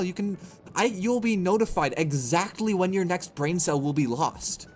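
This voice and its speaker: A man's voice: high voice, expressive, normal speed, a little mellow, slight background noise. A man streaming a game, talking to his chat in playful, self-mocking mini rants. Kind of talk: livestream gameplay commentary.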